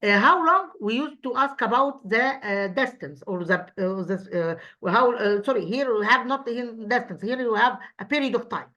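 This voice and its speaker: Woman teaching English, halting. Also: on the high side, bright, forceful tone. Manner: halting, many fillers and self-corrections, asks then answers own questions. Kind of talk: recorded classroom revision lesson. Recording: dull lo-fi audio.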